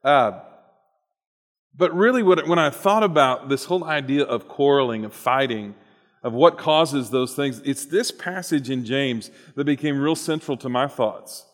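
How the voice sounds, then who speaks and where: A man's voice: medium pitch, unhurried. A man delivering a conversational sermon in a church, restarting his phrases often as he tells a story. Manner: conversational with frequent restarts and fillers. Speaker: preacher. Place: church sanctuary. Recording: long hall reverb.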